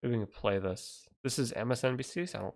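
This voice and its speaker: Casting: male livestreamer, mid-pitched, angry profane rant, rambling delivery. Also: fast, darkish tone.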